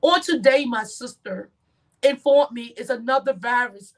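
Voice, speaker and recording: A woman host with a somewhat high voice. She talks in an earnest, prayerful way, repeating her appeals. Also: measured pace, poor audio.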